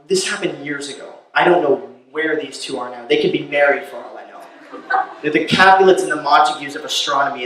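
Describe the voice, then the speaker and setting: Echoey stand-up comic, slightly high voice. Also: male voice, far from the mic, a little hiss or hum. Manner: storytelling, builds to loud incredulous rants. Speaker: stand-up comedian. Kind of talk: stand-up comedy set. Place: live comedy venue. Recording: very echoey room, voice from off-mic.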